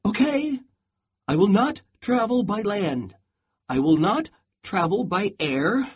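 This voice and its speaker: Anxious storybook pig voiced by a reader, unhurried, husky tone. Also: medium pitch, very animated, dull audio, voice pushed up, full character voice. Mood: eager. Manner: slow, deliberate storybook delivery. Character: anxious pig planning a trip. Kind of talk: storybook read-aloud.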